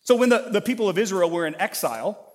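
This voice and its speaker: A man's voice: high-pitched, expressive, fast talker, big-room sound. A man preaching a sermon to his church, earnest and emphatic, building intensity as he presses a point. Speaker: pastor.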